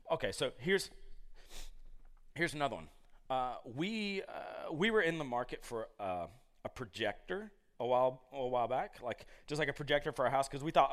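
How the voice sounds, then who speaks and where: A male preacher giving a sermon to a live congregation, telling stories in an animated, jokey way with many asides. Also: a little high, brisk.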